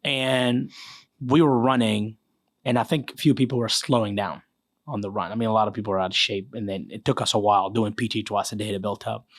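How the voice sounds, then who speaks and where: A man with an Iraqi accent, a former soldier, telling his story in a casual interview, lively and swearing freely. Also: fairly low pitch, fairly quick, no echo, clean studio sound. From Iraq. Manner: animated storyteller, swears freely, acts out quotes.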